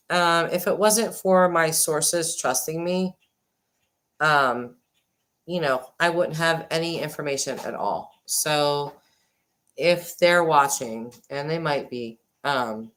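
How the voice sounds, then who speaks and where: A woman in her forties talks casually to her livestream audience through a desk microphone. Her voice sits somewhat low, and she rambles, pauses with fillers and swings between excited thanks and quieter, earnest stretches. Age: 40s. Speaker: livestream host. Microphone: desk microphone, sometimes glitchy.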